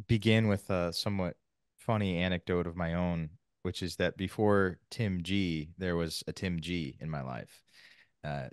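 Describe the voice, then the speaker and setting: A man on a podcast, explaining his point in an articulate, measured way. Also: low-pitched, dry recording, studio quality. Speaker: podcast guest. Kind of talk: casual podcast discussion.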